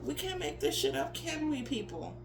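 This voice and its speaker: A woman's voice: high-pitched, sing-song, normal speed. Woman tarot reader, blunt and profane, casual pep-talk delivery, roomy echo with faint background hum.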